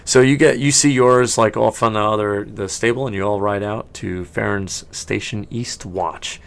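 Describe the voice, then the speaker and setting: A man's voice: lowish voice, fairly even intonation, moderate pace, creaky, slight background noise. A man narrating as game master of a tabletop role-playing game, chatty and rambling, with many fillers and laughs.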